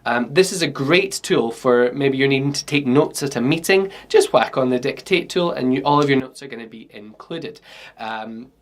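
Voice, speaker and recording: Scottish guy teaching kids, chatty and easygoing, lots of okay and um, middle pitch. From Scotland. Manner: chatty, instructive, often saying okay and um. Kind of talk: online classroom workshop.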